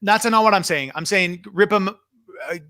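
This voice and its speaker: A man's voice: high-pitched, a little slow, bright, forceful tone, no room sound, clean studio sound. A man playing a blustering, domineering wrestling heel who hosts a show and bullies his sidekick. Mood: bossy. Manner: blustering and domineering, with many fillers. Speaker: host. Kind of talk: comedy wrestling sketch.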